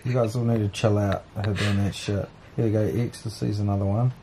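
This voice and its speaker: A man's voice: lowish voice, fairly even intonation, fast talker, a crowd in the background. A young man with a New Zealand accent, chatting casually off camera with blunt, sweary banter. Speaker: vlogger's partner. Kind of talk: casual chat.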